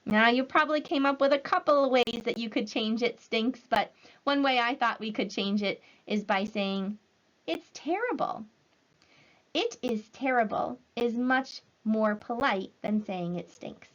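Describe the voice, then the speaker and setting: A woman teacher giving a recorded language lesson to children, speaking slowly and clearly in an encouraging way. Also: a little high, fairly bright tone. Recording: slightly dull lo-fi audio.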